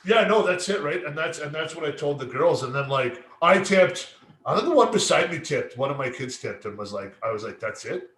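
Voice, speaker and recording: A man's voice: fairly high pitch, very animated, brisk, fairly bright tone. A man co-hosting a casual podcast chat, telling stories with a lot of swearing and acting out what people said. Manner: swearing storyteller acting out quotes. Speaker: podcast co-host. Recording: echoey room.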